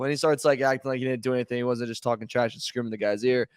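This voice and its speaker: A man co-hosts a sports podcast, rambling through casual sports talk full of fillers and restarts. His medium-pitched voice is steady and smooth, delivered rapid-fire in a dry, studio-quality recording.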